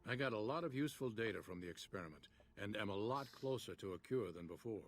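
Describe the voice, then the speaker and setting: An actor playing a calm, methodical male scientist in a video game, speaking in a measured, clinical way. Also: on the low side.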